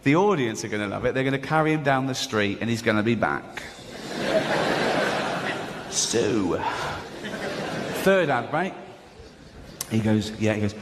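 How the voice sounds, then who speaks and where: In a live hall recording with an audience and a noisy background, a male comedian unfolds a story unhurriedly, with long pauses, in a mid-range voice. He acts out the voices of the characters, staying animated and laughing often.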